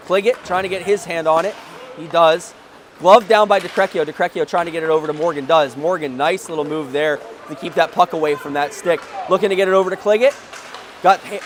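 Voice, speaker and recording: A man doing live play-by-play of a youth hockey game, with quick calls that jump up at big plays and joking asides. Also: on the high side, a little hiss or hum. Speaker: play-by-play commentator.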